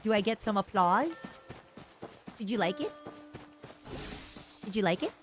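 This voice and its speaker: Brief: young female streamer, bouncy and animated, rambling playful chatter to chat. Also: medium pitch, unhurried, soft background music. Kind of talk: casual live-stream gaming chatter.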